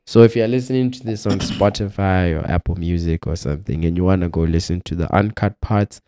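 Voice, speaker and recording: A young man hosting a podcast, talking in a relaxed, easygoing way with fillers. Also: sits low, fairly quick, slight background noise. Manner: relaxed, easygoing, fills gaps with um and like. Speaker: podcast host. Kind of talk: casual chat.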